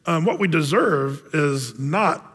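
A man preaching a sermon as a pastor, casual and animated, acting out the voices of the people in his story. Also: on the high side, slow pace, husky, long reverb tail.

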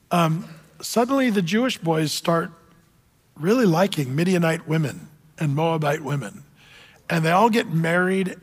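Brief: high-pitched male preacher, lively storyteller, long hall echo. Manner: storytelling, jokey asides, acts out voices. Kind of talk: sermon.

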